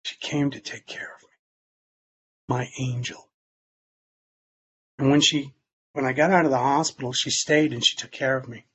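A man telling a personal story in plain, halting words, sometimes dropping almost to a whisper. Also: mid-range voice, steady tone, a bit bright, dull audio, a little hiss or hum. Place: Long Island, New York.

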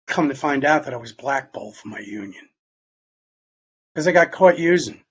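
An older man speaking in a conversational storytelling way about his recovery, acting out the dialogue he quotes, with a husky voice. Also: medium pitch, animated, normal speed, muffled recording. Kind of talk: personal testimony talk.

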